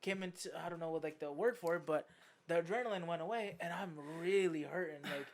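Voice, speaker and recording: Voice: medium pitch, a little fast. Laughing, swearing young adult podcaster. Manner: profane, laughing, animated storyteller. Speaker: podcast host. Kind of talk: casual storytelling chat.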